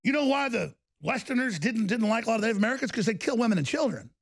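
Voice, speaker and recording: A man's voice: very high voice, animated, fast talker. A man hosting a show, ranting in angry, sarcastic political commentary. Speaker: show host.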